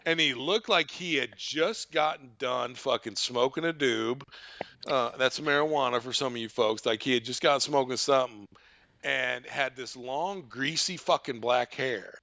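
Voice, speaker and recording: A man hosting a podcast, telling a profane comic story in an animated way. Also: mid-range voice, moderate pace. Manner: animated, swearing, laughing. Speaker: podcast host.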